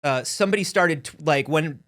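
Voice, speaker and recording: A slightly quick, higher-pitched man co-hosts a casual podcast and tells a drawn-out humorous story. Along the way he acts out each character's voice with animation.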